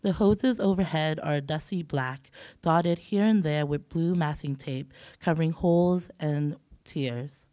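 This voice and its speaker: Low-voiced woman reading with a cold. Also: a little slow, dark tone, no echo. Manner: hesitant, filler-laden when speaking off the page. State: has a cold. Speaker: novelist reading her work in progress. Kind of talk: literary reading aloud. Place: event hall.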